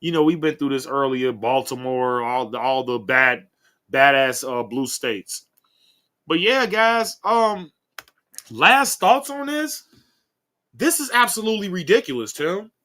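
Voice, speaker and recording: Lively, bright-voiced male commentator. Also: medium pitch, measured pace. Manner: rambling, keeps saying guys and um. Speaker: commentary channel host. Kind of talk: casual commentary video.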